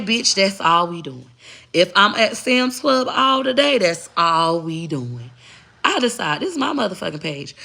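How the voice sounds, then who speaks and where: A woman's voice: lowish voice, gravelly, pushed and bright. A middle-aged woman, a content creator talking straight to camera, blunt, profane and emphatic. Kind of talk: candid talking-to-camera rant.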